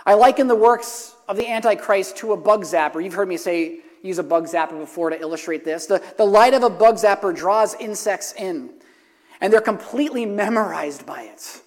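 Brief: an earnest male pastor with a high voice, preaching a sermon in a reverberant church sanctuary. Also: moderate pace, darkish tone. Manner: earnest, repeats key phrases for emphasis. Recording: long hall reverb.

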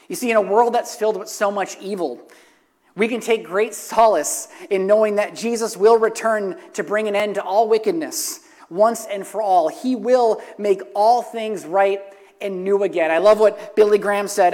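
Man, pastor, sermon, earnest, repeats phrases for emphasis, high voice, long hall reverb. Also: normal speed.

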